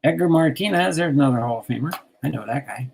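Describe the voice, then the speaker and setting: An older man from New Jersey hosting a relaxed chat, reading out card names and laughing often. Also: medium pitch, fast talker, gravelly, slight background noise. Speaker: host sorting baseball cards on a stream. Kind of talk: casual chat.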